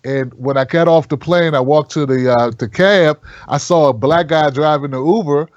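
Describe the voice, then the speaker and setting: Guy telling stories, kinda high voice, swears, dull lo-fi sound. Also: normal speed, no echo. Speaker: guest. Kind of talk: casual chat.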